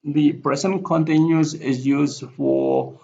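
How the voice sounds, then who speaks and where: A male teacher giving a recorded slide lecture, halting with frequent fillers and self-corrections. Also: fairly high pitch, fairly even intonation, gravelly, warm tone, a little hiss or hum. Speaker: English teacher. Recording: dull lo-fi recording.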